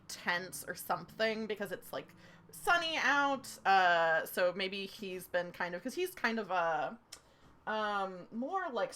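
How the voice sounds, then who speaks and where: A woman's voice: medium pitch, a bit bright, slight background noise. A woman narrating as game master of a tabletop role-playing game, casual and full of fillers. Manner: casual, filler-heavy, tentative.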